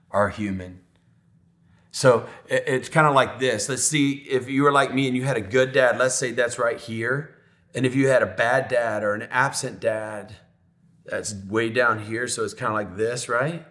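A male pastor tells a personal story from the pulpit at a medium pitch. He talks in a heartfelt, conversational way and often drops into soft, slow pauses. His tone stays warm and plain rather than showy. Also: steady tone. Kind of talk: sermon storytelling.

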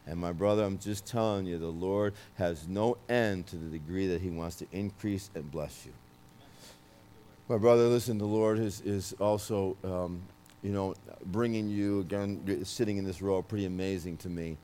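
A man with a New York accent delivers a prophetic word to a listener. His low voice stays loud and emphatic even when he tries to soften it, and he often restarts his sentences as he goes. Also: normal speed, slight background noise. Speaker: minister giving a prophetic word. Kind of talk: prophetic ministry speech.

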